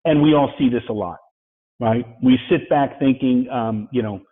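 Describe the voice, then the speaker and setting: A man from New York with a New York accent, giving a fast-paced webinar presentation and checking in with "right?" and "okay?" as he goes. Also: mid-range voice. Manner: fast-talking, frequent "right?" and "okay?" asides. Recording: phone-like, dry, husky sound.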